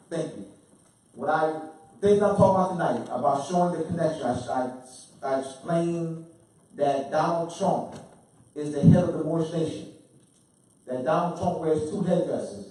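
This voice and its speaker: A man lectures to an audience, stopping and restarting his sentences, then pressing his points hard. His voice sits a little high. The recording catches him from a distance in a strongly echoing room. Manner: halting, repeats himself, grows forceful and emphatic. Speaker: lecturer answering audience questions. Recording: echoey room, voice from far off.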